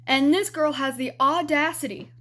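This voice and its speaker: A woman's voice: high voice, moderate pace, pushed and bright. A young adult woman vlogging, telling a personal story in a candid, rambling way with lots of fillers.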